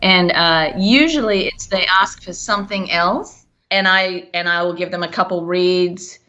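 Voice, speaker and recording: A woman's voice: lowish voice, a little slow, sharp tone, dull audio. An Australian woman, a voice actor, chatting casually in an interview, laughing easily and sometimes trailing off. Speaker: voice actor guest.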